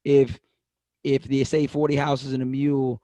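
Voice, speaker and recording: A male talk-show host with a medium-pitched voice, heard dry and close to the mic. He talks in long, emphatic runs, restarting phrases as he builds toward his question. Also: flat delivery, moderate pace, warm tone, no room sound. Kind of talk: conversational interview.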